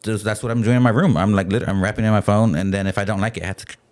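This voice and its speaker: A young man with a very low voice rattles along quickly in a loose, casual podcast chat. He rambles and leans on "like" as he talks about his music in a studio. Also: steady tone, a little mellow. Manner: loose, rambling, heavy use of "like". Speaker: guest, rapper.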